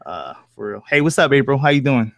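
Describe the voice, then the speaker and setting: A man's voice: medium pitch, sing-song, a little fast, gravelly, fairly bright tone, dry recording. A man hosting a live stream, talking in a laid-back, slangy way and laughing often over online voice chat. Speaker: stream host.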